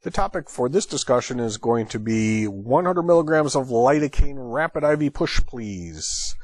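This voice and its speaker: A man's voice: medium pitch, expressive, normal speed, no echo. A man hosting an EMS training lecture, explaining a call in a conversational way. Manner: conversational, thinking aloud with fillers. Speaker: EMS instructor and host.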